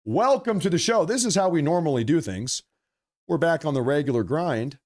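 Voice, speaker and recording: Animated man hosting a political livestream. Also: a little high, moderate pace. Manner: animated, repeats phrases, apologetic asides. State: slight cough. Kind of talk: casual livestream commentary reading viewer chats.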